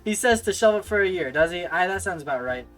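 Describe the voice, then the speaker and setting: A woman voicing a gruff, hard-drinking male sailor type who talks with rough old-salt phrases and curses. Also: on the low side, lively intonation, fast talker, soft background music, natural voice.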